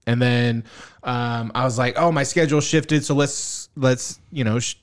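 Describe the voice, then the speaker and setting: A man's voice: mid-range voice, a little slow, clean tone. Laid-back man, laughing storyteller. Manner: laughs often, swears casually. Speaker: podcast host. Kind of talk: casual chat.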